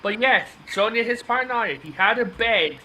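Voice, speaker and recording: Podcast host, male, high and piercingly bright, rambling storyteller. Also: animated, moderate pace, slight background noise, poor audio. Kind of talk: casual movie discussion.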